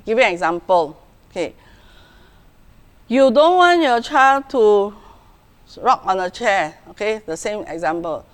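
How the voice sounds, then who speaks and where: A middle-aged woman with a Singaporean English accent, a school principal giving a virtual parenting talk, often checking in with "okay" and "right" and acting out how parents speak. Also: medium pitch. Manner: frequent "okay" and "right" check-ins, acts out parent voices. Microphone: video call.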